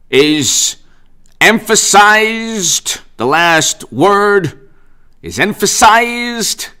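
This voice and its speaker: A man putting on a mocking impression of a pompous middle-aged governor who preaches slowly, stressing the last word and pausing for drama. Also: high voice, bright, forceful tone, voice pushed up, heavily acted.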